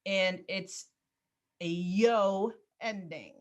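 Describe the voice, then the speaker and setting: Female teacher on a video call, mid pitch, patient and encouraging. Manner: patient, encouraging, slow drilled vocabulary. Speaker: Spanish teacher. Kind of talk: online class teaching.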